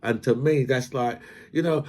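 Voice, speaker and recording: A man's voice: mid-range voice, normal speed, darkish tone. A man hosts a casual commentary vlog. He rambles and builds his points through analogies, peppering his talk with "right?" and "you know". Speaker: host.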